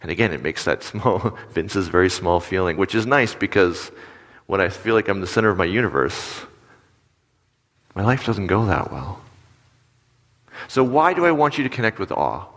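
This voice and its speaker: A man preaching a sermon in a conversational way. He asks his listeners questions and turns animated when he acts out little stories. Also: low voice, moderate pace, pauses often. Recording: long reverb of a large hall.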